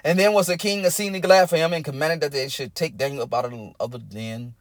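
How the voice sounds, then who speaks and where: A man's voice: a little high, steady tone, fast talker, no echo, clean studio sound. A man preaching a sermon, building in rising, intense cadences and breaking into bursts of tongues.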